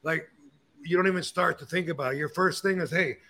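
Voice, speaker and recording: A man hosting a podcast, telling stories and opinions in a casual, animated way, with frequent swearing. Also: on the high side, fairly quick. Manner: animated, profane storyteller. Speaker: podcast host. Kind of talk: casual chat.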